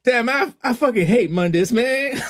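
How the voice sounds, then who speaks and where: A man putting on the voice of a lazy, foul-mouthed male cartoon cat, loud and full of slang. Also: extremely high pitch, animated, measured pace, crowd noise, voice pushed up. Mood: boisterous. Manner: loud slangy street-talk put-on.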